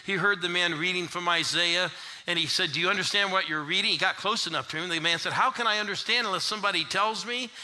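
A middle-aged man preaching a sermon as pastor. He swings from shouted call-and-response with the congregation to hushed, quiet storytelling. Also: sits high. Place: church.

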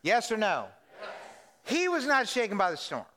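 A man preaching a sermon as pastor, animated and drawing answers from the congregation with questions. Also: sits high, moderate pace. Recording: long hall reverb.

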